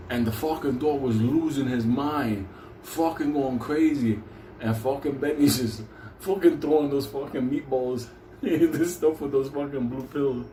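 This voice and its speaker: A man's voice: medium pitch, warm tone. A man tells a story casually, swearing constantly and laughing as he talks. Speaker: storyteller host. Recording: echoey room with faint ambient noise.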